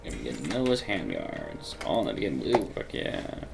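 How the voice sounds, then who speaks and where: A man's voice: extremely low pitch, huge pitch swings, moderate pace, vocal fry, heavy background noise. A man giving casual, self-deprecating gameplay commentary, muttering and swearing as he plays. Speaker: gaming video host.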